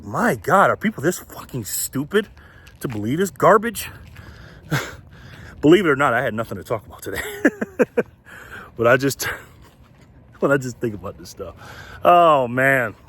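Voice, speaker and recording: Animated, profane man ranting on camera. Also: medium pitch, breathy edge. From United States. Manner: animated, blunt and profane, laughs often mid-sentence. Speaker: political commentary channel host. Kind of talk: casual ranting commentary vlog.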